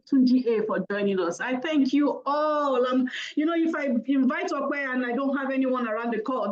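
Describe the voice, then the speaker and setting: A woman hosting an online talk, warmly thanking attendees one by one by name over a video call. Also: fairly high pitch. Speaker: host of an online money talk. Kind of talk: casual thank-yous and roll-call at the close of a video call. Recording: dull lo-fi video call audio.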